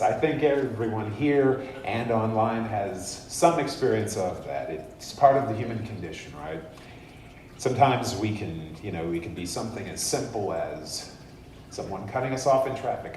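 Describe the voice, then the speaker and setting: A man giving a sermon in a church, speaking in an unhurried, conversational and playful way. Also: on the low side, expressive, a little mellow, a little hiss or hum. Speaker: guest speaker. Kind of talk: sermon with humor. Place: church sanctuary. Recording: echoey church hall, mic far off.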